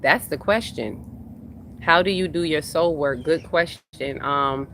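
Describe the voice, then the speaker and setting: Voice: mid-range voice, a little slow, creaky, a bit bright, a little hiss or hum. A spiritual workshop host talking casually on a livestream, reading viewers' comments aloud and repeating phrases for emphasis. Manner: reads chat comments aloud and answers them.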